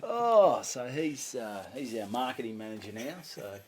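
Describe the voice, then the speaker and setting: An Australian comedian telling a lively story on a podcast, swearing and acting out other people's voices. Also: male voice, mid-range voice, measured pace. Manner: animated, swearing, acts out voices. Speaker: comedian guest.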